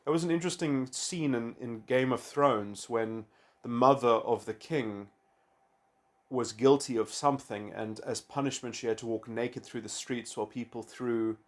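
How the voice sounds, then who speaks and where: A man giving a rambling philosophical monologue, halting often and filling gaps with restarts. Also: medium pitch, steady tone. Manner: halting, full of restarts and "you know". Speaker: video essayist.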